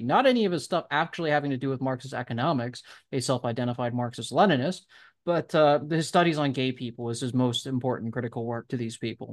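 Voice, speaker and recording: A man in casual political discussion on a podcast, talking in long, rambling stretches full of "like" and frequent laughter. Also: medium pitch. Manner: rambling, laughs often, lots of "like".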